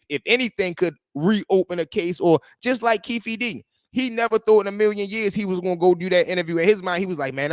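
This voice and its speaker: A man hosting a casual livestream, talking in animated slang and greeting people in the chat. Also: sits high, clean tone, dry recording, studio quality. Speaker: livestream host.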